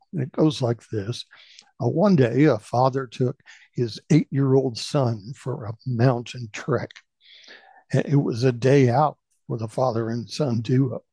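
Middle-aged man, radio storytelling host, gravelly, mellow, dry close sound. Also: medium pitch, no echo. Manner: folksy, conversational storyteller.

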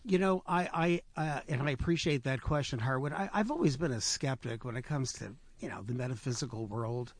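A man telling personal stories on a radio talk show, halting and reflective, with many repeated words. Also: medium pitch. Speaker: storyteller guest. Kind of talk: radio conversation. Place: radio studio.

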